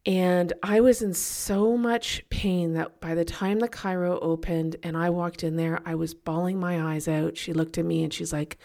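A woman with a fairly low voice hosts a podcast and tells a personal story in a loose, chatty way. She keeps her delivery animated and laughs at herself as she talks. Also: normal speed. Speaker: podcast host.

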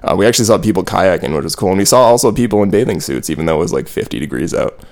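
A man's voice: low voice, expressive, racing, a little mellow. A young man co-hosting a podcast, rambling through stories in casual chat and laughing often. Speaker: podcast co-host.

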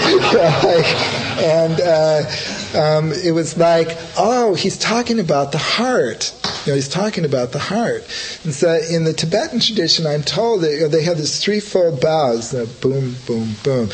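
A man's voice: on the high side, low-quality recording. A middle-aged man, a Buddhist teacher, giving an informal dharma talk in a loose, conversational way, full of fillers and restarts. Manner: rambling, conversational, full of "you know, like" fillers.

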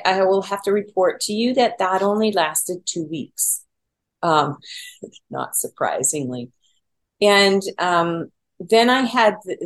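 A woman's voice: medium pitch, low-quality recording. A middle-aged woman telling a candid personal story, self-deprecating and full of fillers. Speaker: podcast guest.

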